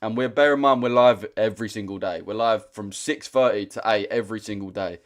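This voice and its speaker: Brief: young British male streamer, low-ish pitch, blunt slangy chat, repeats himself. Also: brisk. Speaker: trading livestream host. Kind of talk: casual livestream chat.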